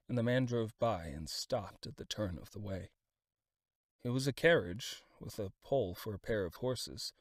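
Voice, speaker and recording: A man reading a classic novel aloud as an audiobook, in a dramatic, expressive style of scripted narration. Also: lowish voice, dry recording, studio quality.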